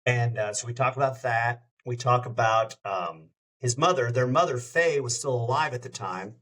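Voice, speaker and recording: A man who hosts a radio show, telling a story in a casual, lively way as a podcast guest. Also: mid-range voice, normal speed. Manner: lively anecdote-telling, acts out quoted dialogue.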